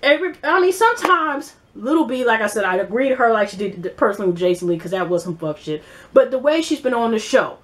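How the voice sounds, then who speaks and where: A woman's voice: on the high side, animated, fast talker. A woman reviewing a reality show in a casual vlog, rambling bluntly with profanity and many fillers.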